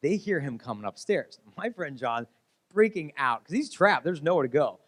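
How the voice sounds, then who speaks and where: A man in his thirties speaking to teenagers, telling funny stories with a playful, animated delivery and chuckling at his own jokes. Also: on the high side, moderate pace. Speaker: chastity speaker at a school assembly. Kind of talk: humorous storytelling talk to teenagers.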